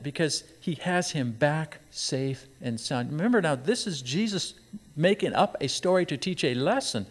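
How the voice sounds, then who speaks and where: A man preaching a sermon, reading scripture aloud and pressing his points with emphatic rises and rhetorical questions. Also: on the high side. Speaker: pastor. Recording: long hall reverb.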